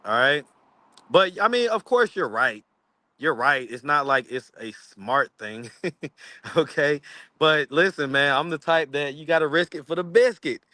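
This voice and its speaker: A man's voice: fairly high pitch, lively intonation, unhurried, pushed and bright. A man chatting casually with viewers on a phone livestream, indoors in his apartment. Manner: chatty, addresses viewers directly, easygoing.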